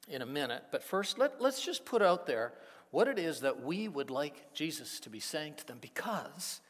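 A man preaching a sermon, with slow, deliberate phrasing that swings between hushed passages and emphatic peaks. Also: fairly high pitch, long reverb tail. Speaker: pastor.

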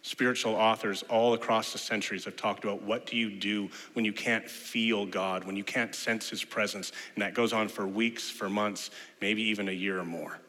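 A man preaching a sermon as pastor, an animated storyteller who acts out the voices in his examples. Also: lowish voice, normal speed, few pauses, in a large hall.

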